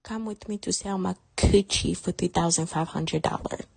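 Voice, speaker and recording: A woman's voice: lowish voice, normal speed, gravelly, noisy background. A woman casually telling a story in a blunt, matter-of-fact way.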